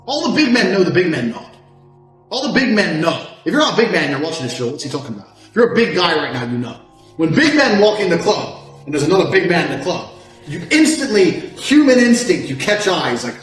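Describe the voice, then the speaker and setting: A man in his thirties giving a brash, profane monologue, boasting and swinging from loud outbursts down to low mutters. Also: sing-song, a little fast. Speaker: self-improvement speaker. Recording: echoey room with faint music.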